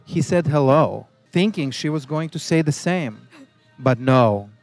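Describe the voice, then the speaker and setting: A man's voice: a little high, animated, unhurried, soft background music. A man in a restaurant chatting about tacos and reading a review aloud in an earnest, storytelling way. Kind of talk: casual food-review chat. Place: taco restaurant with music playing.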